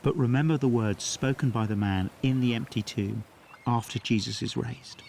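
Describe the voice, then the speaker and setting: A man, a pastor, giving a scripted Bible teaching talk in an earnest, measured way with dramatic pauses. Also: mid-range voice, creaky, darkish tone, slight background noise.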